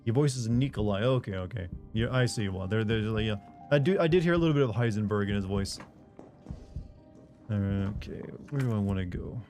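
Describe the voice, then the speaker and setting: A man hosting a game stream, chatting in a relaxed way and thinking aloud as he plays. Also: on the low side, brisk, soft background music. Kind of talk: casual gameplay commentary.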